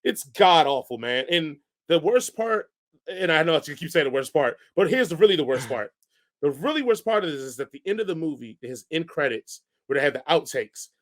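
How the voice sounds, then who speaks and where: A man co-hosting a casual podcast, ranting in an animated way with sudden jumps in pitch and volume. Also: brisk. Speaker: podcast co-host reviewing movies.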